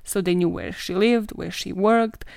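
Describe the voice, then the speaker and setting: A woman hosting a podcast with a gravelly fry, recounting a true-crime case in a loose, sarcastic, foul-mouthed way. Her voice sits at a middle pitch and sounds dry and close, with no room around it. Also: normal speed, darkish tone, dry recording. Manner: profane, sarcastic, laughs often. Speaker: podcast host. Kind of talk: casual true-crime storytelling.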